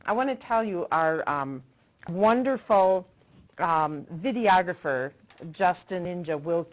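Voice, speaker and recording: On a local TV cooking segment, the middle-aged host tastes the food and chats warmly to promote it. She speaks slowly and expressively, her voice sitting on the low side.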